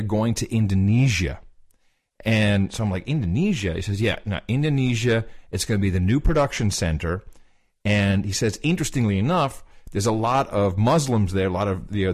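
A man co-hosting a podcast, casually retelling a conversation with lots of fillers, restarts and quoted dialogue. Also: lowish voice. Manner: animated retelling, quoting others, many fillers and restarts. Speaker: podcast co-host.

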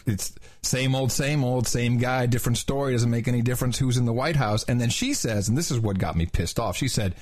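A podcast host with a mid-range voice tells a long story at a brisk pace in casual chat. He rambles, restarts often, and throws in quoted asides.

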